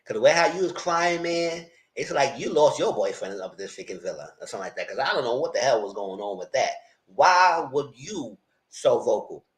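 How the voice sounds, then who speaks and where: A man hosting a live discussion of a reality show, dramatic and sassy, swinging into high exclamations. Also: expressive, brisk, reverberant. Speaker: host.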